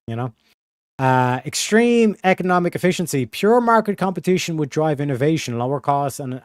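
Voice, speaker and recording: Dude streaming, reading stuff out loud w sarcastic crude comments, dry close mic. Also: male voice, medium pitch, smooth, no echo. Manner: sarcastic asides, crude language. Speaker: livestreamer. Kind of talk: casual livestream, reading text aloud with commentary.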